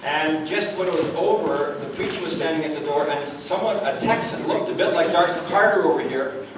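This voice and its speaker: A man's voice: fairly high pitch, a little fast. Male moderator, joking with the crowd; recorded from far off in a noisy, reverberant hall. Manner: jokey, tells anecdotes to the crowd. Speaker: debate moderator. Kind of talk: public forum hosting.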